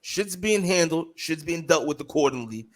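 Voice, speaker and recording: A man's voice: on the high side, animated, normal speed. Heated, profane man telling a story. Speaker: podcast co-host. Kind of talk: casual storytelling chat.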